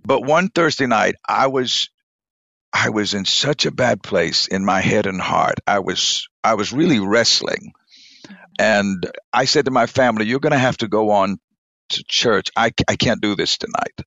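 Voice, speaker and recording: A man, a church bishop, telling an emotional personal testimony in conversation, his voice dropping low and soft at the moving moments. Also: unhurried, vocal fry, dry recording. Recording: dull lo-fi dry sound.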